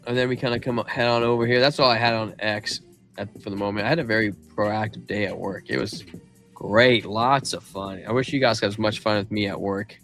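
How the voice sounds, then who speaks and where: A man's voice: fairly low pitch, steady tone, a little fast, fairly bright tone, soft background music. A man co-hosting a live stream in casual chat, laid-back and folksy, reading out viewer comments. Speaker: co-host.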